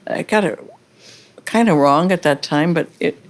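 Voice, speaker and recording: An American woman speaking as a guest in a casual onstage conversation at a live festival, telling stories in a halting, reflective way. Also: on the low side. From United States. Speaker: interview guest.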